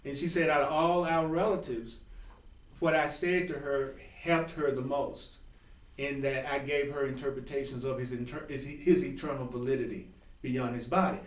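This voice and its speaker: A man teaching a small spiritual class in an informal, animated way, often laughing and joking. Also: mid-range voice, normal speed, reverberant, far from the mic, low-quality recording. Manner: animated, laughing, jokey asides.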